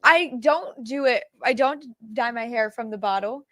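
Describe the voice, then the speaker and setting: A high-pitched young woman in casual talk-show chat. She rambles with fillers and laughs easily. The sound is dry and close. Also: moderate pace, a bit bright, no echo. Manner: chatty, laughs often, many fillers. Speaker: co-host.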